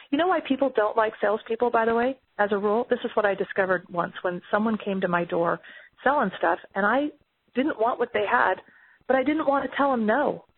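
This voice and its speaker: A woman's voice: mid-range voice, breathy edge, dry recording. Woman on a tinny phone line. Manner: energetic, role-plays sales calls. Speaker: guest, health coach. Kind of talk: interview talk.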